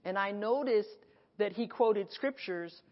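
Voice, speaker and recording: A woman pastor preaching an animated sermon at a conference and acting out her dialogue, recorded in an echoey hall. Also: medium pitch, unhurried. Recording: echoey hall, dull sound.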